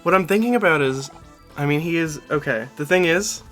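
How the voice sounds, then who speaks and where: Streamer, bright voice, faint music behind, casual gameplay chat, rambling, self-interrupting. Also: mid-range voice, animated, brisk. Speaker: streamer playing a game with friends.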